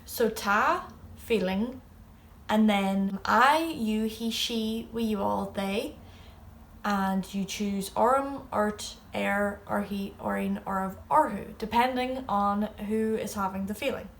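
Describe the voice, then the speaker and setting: A woman's voice: mid-range voice, slow. A young woman teaching a casual spoken lesson. She chats as she explains, patient and drawn out on each word. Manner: chatty, explains patiently, drawls out the Irish words. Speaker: Irish language teacher.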